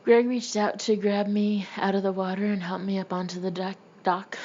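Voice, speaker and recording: A woman reads her own comic memoir aloud in a wry, deadpan way, her voice in the middle of the range. The recording sounds a little dull, with a faint hiss underneath. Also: mid-range voice, normal speed. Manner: wry, deadpan humor with frequent laughs. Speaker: audiobook narrator. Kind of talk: first-person memoir narration.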